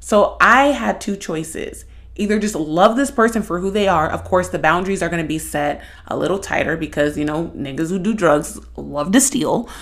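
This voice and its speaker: A young woman hosting a podcast, talking in a blunt, profane, animated monologue. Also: on the low side, moderate pace. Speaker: podcast host. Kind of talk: casual monologue.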